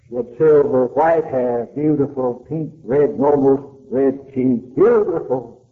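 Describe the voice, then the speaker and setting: An older man preaching a sermon, telling a story with passion and wide swings of pitch. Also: slow. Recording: tinny phone-like old tape.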